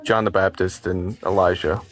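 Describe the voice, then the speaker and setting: A man's voice: deep voice, flat delivery, normal speed, over music. A man on a live stream explaining his religious beliefs in a musing, casual way.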